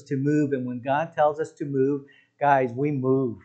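A man's voice: medium pitch, fairly even intonation, normal speed, warm tone, muffled recording. A man preaching a sermon in an emphatic, conversational way, talking directly to his congregation. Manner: emphatic, conversational, often says "listen" and "guys". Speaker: pastor.

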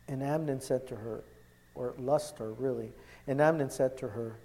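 A man preaching a sermon, impassioned, swinging from loud emphasis to hushed urgency as he retells a scripture story. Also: medium pitch, normal speed, long reverb tail.

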